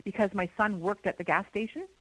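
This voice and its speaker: A middle-aged woman from Canada, a guest in an interview, telling a story in an animated way with many repeated words. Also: medium pitch, a little fast, breathy edge, no room sound, low-quality recording. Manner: animated, repeats words, imitates owl hoots.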